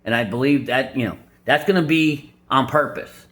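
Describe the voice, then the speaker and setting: A man's voice: moderate pace, fairly bright tone. Blunt, crude man giving dating advice. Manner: blunt, crude, mocking, with sudden high squeaky impressions. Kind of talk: casual reaction commentary.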